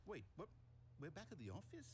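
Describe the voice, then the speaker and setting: A wry, theatrical game narrator. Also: male voice, a little high, wildly swooping pitch, fairly quick, a little mellow, a little hiss or hum. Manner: theatrical, dry, mock-grand storytelling. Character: wry male narrator, middle-aged, theatrical.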